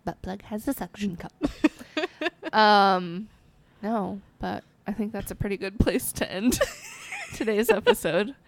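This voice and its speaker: A woman's voice: mid-range voice, big pitch swings, takes it slowly. A woman in her twenties co-hosting a casual podcast, rambling with lots of ums and giggles. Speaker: podcast co-host. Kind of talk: casual chat.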